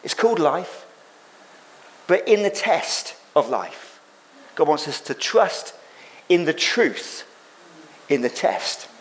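A man's voice: on the high side, very animated, slow, long pauses. A man preaching a sermon as pastor, speaking emphatically, repeating phrases for effect and acting out quoted lines.

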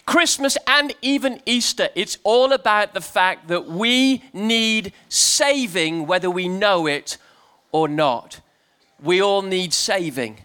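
A man preaching to a crowd in an animated, playful storytelling style, leading the crowd in shouting. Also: sits high, slow, clear, resonant tone. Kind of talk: lively storytelling sermon to a crowd.

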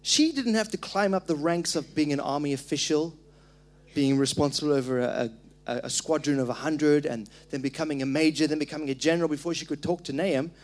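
Energetic high-voiced man preaching. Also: brisk. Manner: energetic, animated storytelling with joking asides. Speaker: pastor. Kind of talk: sermon. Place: church hall.

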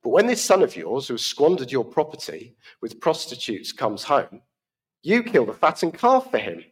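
A man's voice: medium pitch, wildly swooping pitch, moderate pace, husky. A man reading the complaint of a resentful older brother from scripture. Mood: bitter. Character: resentful dutiful older son, bitter.

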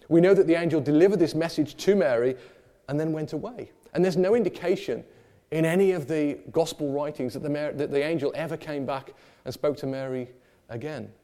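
Animated preacher, mellow voice. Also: male voice, on the high side, brisk. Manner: animated, acts out the people in the story with humor. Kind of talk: sermon. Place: church.

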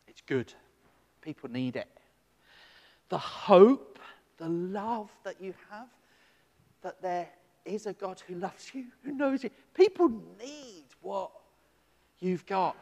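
A man's voice: sits high, in a large hall. A man who is a Baptist minister, preaching and telling a story, who acts out the other people's voices in his story. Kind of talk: sermon with storytelling.

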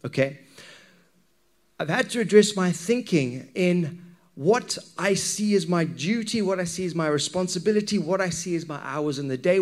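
A man preaching a sermon to his congregation, talking in a candid, conversational way and often checking in with the listeners. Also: high-pitched. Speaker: pastor.

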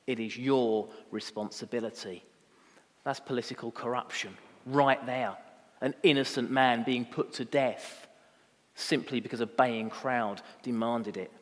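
A man preaching a sermon as pastor, rising to impassioned emphasis and dropping to quiet reflection. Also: medium pitch, fairly even intonation, unhurried. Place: church. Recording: long reverb of a church hall.

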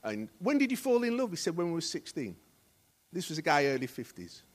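A middle-aged associate pastor gives a sermon in a church hall, storytelling and acting out conversations while his volume rises from hushed to loud. He talks a little fast, fairly high in pitch, with wildly swooping intonation.

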